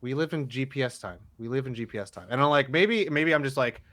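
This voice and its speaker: A man's voice: medium pitch, lively intonation, fast talker, fairly bright tone, dry recording. A man co-hosting a podcast in casual chat, rambling and swearing as he acts out what people said to him. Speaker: podcast co-host.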